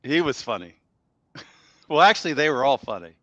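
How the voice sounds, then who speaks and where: A man's voice: medium pitch, sing-song, moderate pace, fairly bright tone. A man chatting and joking on a livestream call with friends. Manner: jokey, teasing. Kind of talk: casual group chat. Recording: lo-fi call audio.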